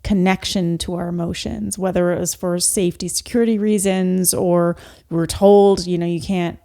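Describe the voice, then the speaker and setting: A woman hosts a podcast and speaks in a calm, coaching manner. Her voice sits a little low for a woman, and she builds her points slowly and deliberately. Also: creaky. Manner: thoughtful, measured, coaching tone. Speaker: podcast host. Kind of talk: reflective interview talk.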